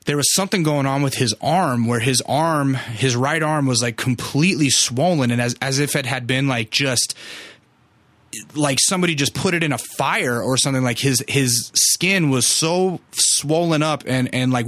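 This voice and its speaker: A man's voice: medium pitch, moderate pace, a bit bright, no echo. A young man hosting his own podcast, telling a story in a rambling, casual way with lots of swearing and "like". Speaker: podcast host.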